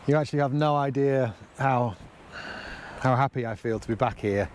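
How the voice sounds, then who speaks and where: A man's voice: mid-range voice, normal speed. A middle-aged man vlogging casually to camera, earnest and a little emotional, rambling as he talks. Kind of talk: casual vlog talk to camera. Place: outdoors by the sea, then in a camper van. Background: faint wind and outdoor ambience.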